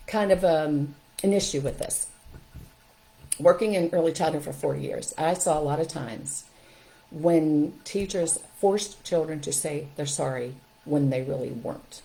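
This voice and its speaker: Older woman host, parenting talk, lowish voice that jumps high when she acts out kids. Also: creaky, low-quality recording. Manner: animated storytelling, acting out quotes with a raised, lively voice. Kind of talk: live-streamed talk to viewers.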